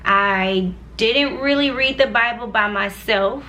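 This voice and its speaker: A woman's voice: fairly high pitch, slow pace, pushed and bright. A woman in her twenties telling her personal faith story to viewers in a chatty, earnest way, with many asides. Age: 20s. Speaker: vlogger sharing her faith testimony. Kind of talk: casual personal testimony.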